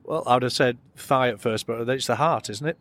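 A man's voice: medium pitch, brisk, fairly bright tone. A middle-aged Yorkshire man chatting casually as an interviewee, blunt and rambling with plenty of swearing. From England. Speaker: metal band guitarist, interviewee. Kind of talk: casual chat.

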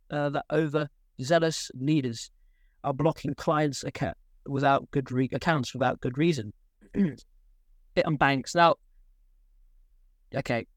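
A man's voice: medium pitch, no echo, clean studio sound. A young man co-hosting a casual podcast, rambling and laughing as he talks. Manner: rambling, self-interrupting, laughs often. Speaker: podcast co-host.

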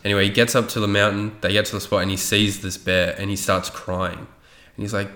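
A man's voice: lowish voice, flat delivery, fairly quick, bright, forceful tone, echoey room. A man telling a rambling story in casual chat, swearing freely and loose with his facts.

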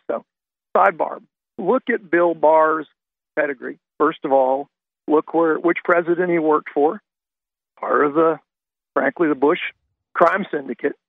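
A man's voice: on the high side, unhurried, pauses often, dry recording. A man from Florida calling in to a radio show, laying out history point by point in a conspiratorial way. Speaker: caller. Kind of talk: phone-in caller commentary. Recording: tinny gravelly phone line.

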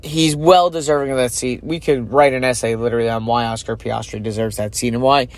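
A man's voice: mid-range voice, steady tone, brisk, no echo. A man hosting a podcast, giving casual solo commentary in a chatty, opinionated way and thinking aloud with fillers. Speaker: podcast host.

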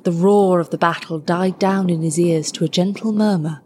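A woman narrating a story in a measured, scripted storytelling delivery. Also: lowish voice, steady tone, warm tone, a little hiss or hum.

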